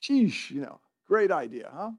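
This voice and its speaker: A man's voice: high-pitched, animated, normal speed, a little mellow. A middle-aged man preaching a sermon to a congregation, conversational, often asking the listeners questions and chuckling. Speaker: pastor. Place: church in front of a congregation.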